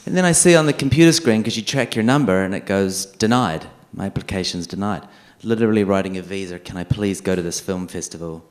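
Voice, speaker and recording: A filmmaker on a festival panel, telling a long story and acting out the other people in it. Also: male voice, fairly low pitch, fast talker, few pauses. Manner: animated, acts out the other people in his story.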